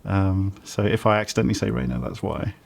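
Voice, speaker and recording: A man's voice: fairly low pitch, fairly quick, gravelly. British guy dm-ing a dnd stream, laid back, lots of ums, laughs a lot. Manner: relaxed, chatty, laughs easily, many ums. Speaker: dungeon master. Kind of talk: running a tabletop game on stream.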